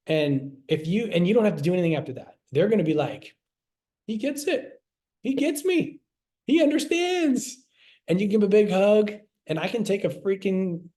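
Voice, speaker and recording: A middle-aged man presents a health class in a casual, conversational way, repeating himself and acting out little quoted lines. His voice is high-pitched with a dark tone.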